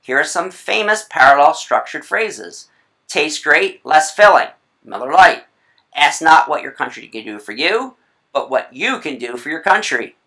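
A writing instructor giving a recorded video lecture, chatty, with playful asides and quick self-corrections. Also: medium pitch, big pitch swings, gravelly, pushed and bright.

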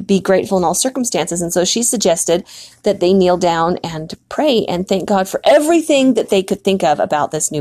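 A woman's voice: mid-range voice, darkish tone. A middle-aged woman hosting a faith-based podcast, telling a story earnestly and reflectively, with frequent fillers and restarts. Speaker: podcast host.

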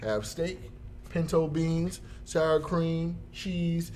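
A man telling a funny everyday story in a casual chat, jumping into high voices when he quotes people. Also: flat delivery, extremely slow, a little mellow.

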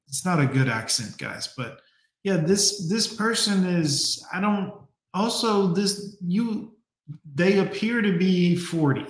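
A man's voice: sits high, animated, slow, roomy sound. A man hosting a reaction video, giving casual mocking commentary with sarcastic, swearing asides.

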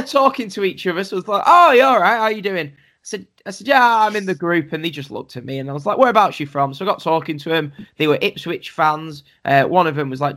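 A young man telling a lively story in casual chat, acting out quotes and laughing often. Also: a little high. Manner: animated, laughing storyteller who acts out quotes. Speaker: podcast host.

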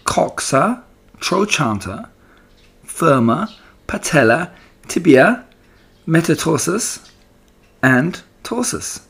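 A man voicing a wise, patient female spider who speaks calmly and precisely in a storybook reading. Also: a little high, takes it slowly, creaky, pauses often, breathy edge, pitched above the performer's own voice, full character voice. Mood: matter-of-fact.

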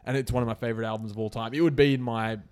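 A podcast co-host speaks very fast in a smooth, medium-pitched voice. It's a casual chat, and his easygoing talk rambles, packed with fillers.

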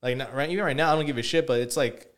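A young man talks fast in a loose, rambling way, swearing constantly as he tells stories. His pitch sits in an ordinary middle range for a man. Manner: profane, rambling storytelling. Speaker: podcast co-host. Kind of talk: casual chat.

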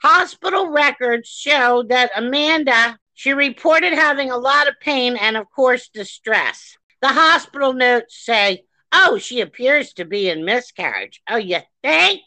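A woman co-hosting a podcast, ranting furiously with heavy swearing and shouts. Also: high voice, expressive, unhurried, few pauses, no echo, rough recording. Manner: reads a news article aloud. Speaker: podcast co-host. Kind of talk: angry podcast discussion.

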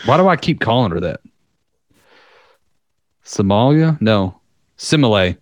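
A man's voice: lowish voice, animated, unhurried, dry recording. Male co-host, casual and profane storyteller, dry close sound. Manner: loose, profane, acts out quotes in voices. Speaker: podcast co-host. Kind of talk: casual chat retelling a myth.

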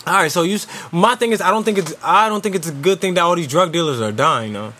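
A man co-hosting a casual podcast, joking loudly, repeating himself and swearing freely. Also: high-pitched, fast talker. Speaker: podcast co-host. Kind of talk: casual banter.

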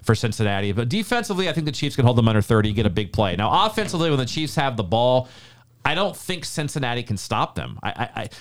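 A man's voice: medium pitch, big pitch swings, quick pace. A man co-hosting a sports podcast, talking casually and confidently about football predictions. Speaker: podcast co-host.

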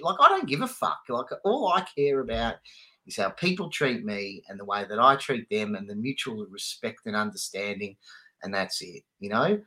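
A man's voice: medium pitch, bright, forceful tone. A man, a podcast co-host telling stories casually, laughing and swearing freely. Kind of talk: casual chat.

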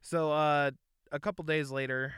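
A man's voice: fairly high pitch, steady tone, moderate pace, fairly bright tone, smooth, no room sound, clean studio sound. A man co-hosting a casual sports podcast, recapping scores and results and self-censoring his swearing. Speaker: podcast co-host.

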